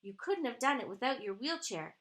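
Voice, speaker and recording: A woman voicing a firm, no-nonsense father in a storybook, speaking slowly and deliberately. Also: a little high, sing-song, fairly bright tone.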